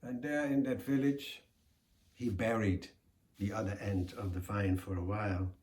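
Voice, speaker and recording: A man telling a folk tale in a slow, deliberate, expressive way. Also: on the low side. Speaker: storyteller. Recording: echoey room.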